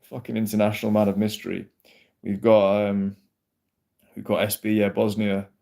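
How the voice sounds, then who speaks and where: A man hosts a casual livestream with a somewhat low voice. He rambles loosely, swears freely and keeps turning to answer his chat's comments. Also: monotone, normal speed, creaky, mellow. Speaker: livestream host.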